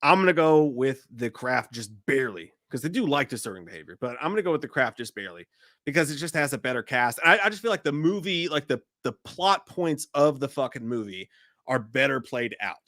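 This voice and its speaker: A man's voice: mid-range voice, big pitch swings, fairly quick, bright, forceful tone, no room sound, studio quality. A man hosting a live-stream show, talking in loose, profane banter. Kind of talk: casual live-stream chat.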